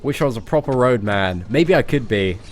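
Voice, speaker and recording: English male streamer, joking casual chat, animated pitch, faint music behind. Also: fairly quick. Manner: chatty, joking, frequent restarts. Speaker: game streamer.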